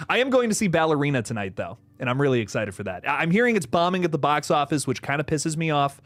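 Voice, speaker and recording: On his casual livestream, a man goes through viewer comments, rambling animatedly, swearing a lot and laughing often. His voice is on the high side and quick-paced, recorded dry.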